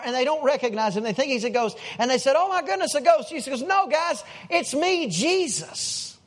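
A man preaching a sermon as pastor, telling Bible stories with animated acted-out lines. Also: very high voice. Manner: animated storytelling, acting out characters' lines.

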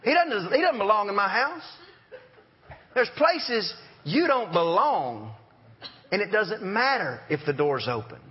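A man's voice: high-pitched, sing-song, measured pace. A man preaching a sermon in a folksy, storytelling way, joking and acting out sounds. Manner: folksy storytelling with jokes and animal voices. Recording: dull lo-fi sermon recording.

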